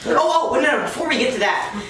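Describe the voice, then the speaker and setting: A woman giving a playful, laughing lecture to a group of friends, tossing in quick jokes as she retells the story. She sits back from the mic in a very echoey room, with a faint hiss of noise underneath. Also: high-pitched, animated, far from the mic. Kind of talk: casual comedic lecture to friends.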